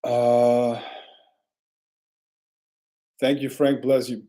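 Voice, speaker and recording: A man hosting a casual livestream, answering viewer questions in a relaxed, rambling way with frequent restarts. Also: medium pitch, moderate pace.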